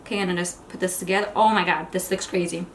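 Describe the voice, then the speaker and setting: Chatty, excitable woman in an echoey room. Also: lowish voice, fast talker, a little hiss or hum. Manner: chatty and excitable, gushing over products. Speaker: beauty vlogger. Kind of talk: casual unboxing and makeup try-on. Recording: echoey room with faint music.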